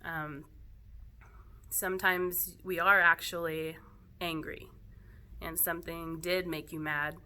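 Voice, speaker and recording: A woman yoga teacher speaking casually to her students in a gentle, reflective way, laughing softly now and then. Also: fairly low pitch, flat delivery, slow, long pauses. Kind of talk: casual spoken talk to students.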